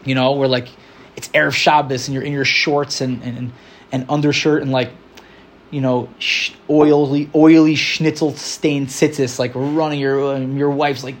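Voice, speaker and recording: A man's voice: medium pitch, flat delivery, normal speed. A man teaching an informal religious class in a chatty, loose way, often acting out little quotes. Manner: chatty, full of "like", acts out quotes. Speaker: Torah teacher.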